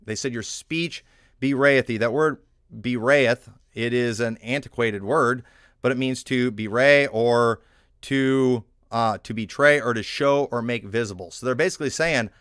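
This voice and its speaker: Pastor, male, northern American, mid-pitched, dry close sound, talky sermon with restarts. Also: moderate pace, fairly bright tone, no echo. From northern United States. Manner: conversational preaching with frequent fillers and restarts.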